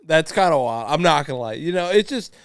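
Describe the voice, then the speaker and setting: A man's voice: on the high side, expressive, a little fast, clean tone, dry recording, clean studio sound. A man co-hosting a casual podcast chat, rambling loosely and laughing easily. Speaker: podcast co-host.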